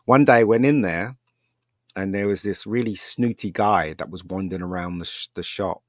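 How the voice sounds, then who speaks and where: A man's voice: low-pitched, normal speed, no room sound, clean studio sound. A man, a podcast guest, chatting casually and telling a rambling personal story with lots of laughter.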